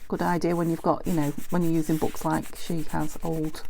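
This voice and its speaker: A woman's voice: low-pitched, little pitch movement, moderate pace, vocal fry, hardly any pauses, a little mellow, slight background noise. A British woman chatting casually as she works on a craft project, rambling and muttering to herself as she goes. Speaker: craft vlogger. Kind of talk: casual chat while crafting.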